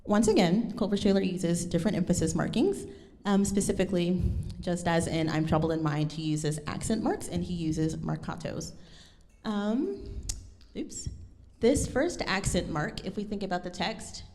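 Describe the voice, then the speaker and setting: A woman presents a lecture recital with a mellow, slightly low voice. She talks in a thoughtful way, pausing on ums and correcting herself. Her voice carries a long reverb from the hall. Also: expressive. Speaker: pianist giving a lecture recital.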